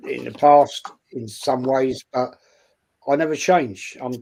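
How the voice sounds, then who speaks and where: A man's voice: mid-range voice, steady tone, slow, vocal fry, darkish tone. A man, chatting bluntly and without filter as a co-host on a casual football stream. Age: 60s. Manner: blunt, unfiltered, speaks his mind. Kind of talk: casual chat.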